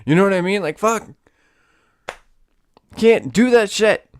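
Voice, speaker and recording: A man hosting a solo podcast, ranting in a casual, profane and animated way. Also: sits high, unhurried, dry recording, clean studio sound. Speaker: podcast host.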